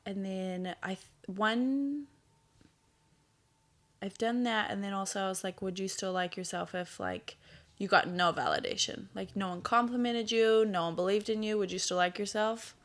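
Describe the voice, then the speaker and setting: A woman's voice: mid-range voice, moderate pace. A woman in her thirties hosting a casual solo podcast, chatty and blunt, swearing freely and laughing at herself. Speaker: podcast host.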